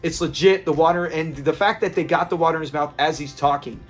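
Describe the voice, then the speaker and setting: A man with a slightly higher voice talks through a classic sitcom episode in an easygoing, rambling way. He circles back on his own sentences and restarts often. Faint music plays softly under him. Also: quick pace. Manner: chatty, rambling retelling with restarts. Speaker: episode review host. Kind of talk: casual episode breakdown.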